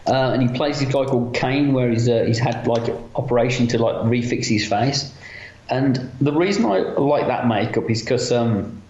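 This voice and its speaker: A man who works as a special effects makeup artist, telling stories from film sets in a casual interview, chatty and animated, acting out what other people said. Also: mid-range voice, normal speed, a little hiss or hum. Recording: roomy, dull lo-fi sound.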